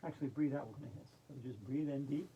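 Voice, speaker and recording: A woman leading a silly children's yoga lesson, playful, with soft and calm breathing cues. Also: rumbling low, rapid-fire, lo-fi sound, a little hiss or hum. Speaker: kids yoga instructor.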